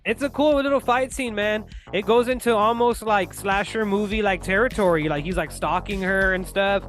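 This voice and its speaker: A man co-hosting a podcast in casual chat, animated and profane, acting out characters' lines as he retells scenes. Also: high voice, moderate pace, soft background music. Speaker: podcast co-host.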